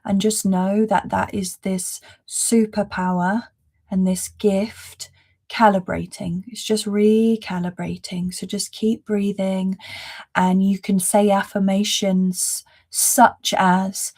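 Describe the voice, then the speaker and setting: A woman leads a live-streamed spiritual reading in a gentle, effusive voice that keeps returning to reassurance. She talks slowly and lets pauses settle, and her pitch sits in an easy middle range. Soft laughs slip in between her phrases. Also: little pitch movement. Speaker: spiritual reader and host.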